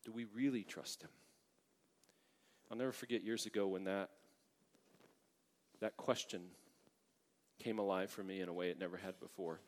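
Animated male pastor preaching in a reverberant hall. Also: low voice, normal speed, long pauses. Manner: animated preaching, rising loud for emphasis, often asking "right?" and "amen?". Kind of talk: sermon. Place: large church sanctuary.

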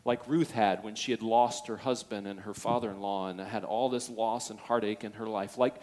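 This pastor's voice sits on the low side with a steady tone and normal speed. His sermon alternates between hushed, near-whispered passages and fervent, loud climaxes as he acts out the quotations.

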